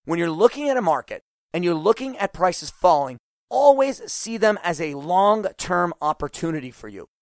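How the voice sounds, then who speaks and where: A man in middle age, host of a solo money podcast, with a fairly high voice. He talks with lively, animated energy, coaching his listeners directly. The sound is dry and close, with no room around it. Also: moderate pace, dry recording.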